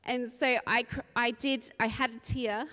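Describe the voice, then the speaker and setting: A woman from Australia, a preacher, opening a sermon with a lively, rambling personal story and frequent laughter. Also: fairly high pitch, a little slow. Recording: long reverb in a large hall.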